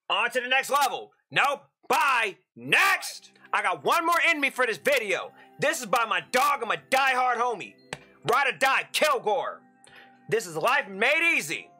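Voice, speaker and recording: A young man giving excitable gameplay commentary as a channel host, breaking into loud frustrated outbursts and crude jokes. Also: extremely high pitch, breathy edge.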